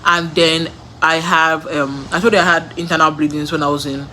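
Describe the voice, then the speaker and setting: A young adult vlogger with a Nigerian accent shares personal stories casually, repeating words for emphasis and laughing between sentences. The mid-range voice has fairly even intonation, a moderate pace, and a bright, forceful tone, with a little hiss or hum in the recording.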